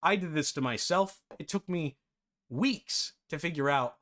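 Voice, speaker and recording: A man's voice: a little high, lively intonation, measured pace, a bit bright. A man hosting a live-streamed game development tutorial, chatty and self-deprecating, often breaking into laughter.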